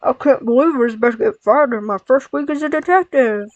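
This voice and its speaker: Woman doing a high, eager young detective dude, stammery, lo-fi and dry. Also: brisk, no echo, natural voice. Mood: earnest. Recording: dull dry lo-fi recording.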